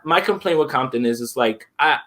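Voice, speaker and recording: A man's voice: medium pitch, fairly quick. A man co-hosting a sports podcast, talking casually with lots of fillers and restarts. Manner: animated, many fillers and restarts. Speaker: podcast co-host.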